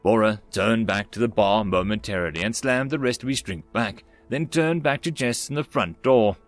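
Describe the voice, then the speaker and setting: A man reading a science-fiction story as an audiobook narrator, measured and even in his storytelling. His voice sits in a middle pitch and the recording is dry and close. Faint music plays underneath. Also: no room sound. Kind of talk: scripted narration.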